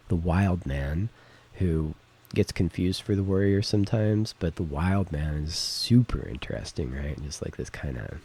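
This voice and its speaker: Middle-aged male host, deep husky voice, rambling reflective monologue, home studio mic. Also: mellow. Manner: rambling, lots of fillers and "right?". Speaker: podcast host. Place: home recording setup. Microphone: studio microphone with interface.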